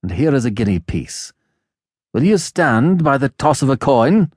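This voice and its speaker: A man voicing a scornful young nobleman who speaks low and slow, with a sneer. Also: sing-song, darkish tone, husky, no echo, clean studio sound. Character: young nobleman, the mocking, malicious elder brother. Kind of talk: audiobook character voice.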